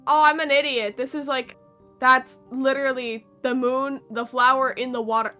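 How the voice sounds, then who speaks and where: A woman giving playful, excitable let's play commentary, often mocking herself as she reacts to the game. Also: high-pitched, measured pace, faint music behind. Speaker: gaming streamer.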